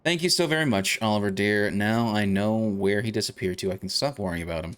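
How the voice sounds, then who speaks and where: A man's voice: fairly low pitch, fairly quick, fairly bright tone, a little hiss or hum, close to an everyday voice. A man doing a cooing, doting older woman. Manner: cooing, fussing. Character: fussy doting older woman cat owner. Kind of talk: reading game dialogue aloud.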